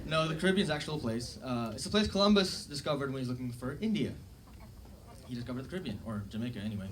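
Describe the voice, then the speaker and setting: A young comedian's medium-pitched voice sounds animated and quick as he works a comedy club stage. Holding a handheld mic, he keeps it conversational and self-deprecating, dropping fillers and asides. Loud audience laughter runs through the live club recording.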